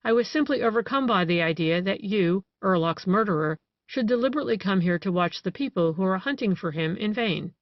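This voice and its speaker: An ironic male doctor, put on by an audiobook reader, switching between a soothing bedside tone and sharp mockery. The voice sits mid-pitch, recorded dry and a little dull. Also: lively intonation, a little fast, few pauses, dry recording, natural voice. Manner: soothing, then sharply mocking.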